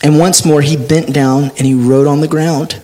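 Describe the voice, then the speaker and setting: A male pastor preaching a sermon, reading scripture aloud with animated delivery. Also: a little high, moderate pace.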